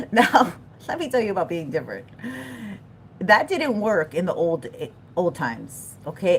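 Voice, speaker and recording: Chatty, animated woman reading tarot live. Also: fairly low pitch, a little hiss or hum. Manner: animated and chatty, talks to the chat, laughs often, loses her thread. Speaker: tarot reader.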